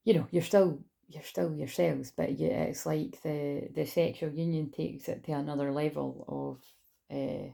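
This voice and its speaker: Woman, tarot reader, very low and heavily gravelly, mellow tone, rambling casual delivery. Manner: rambling, reads card texts aloud, swears casually. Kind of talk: casual spiritual tarot reading.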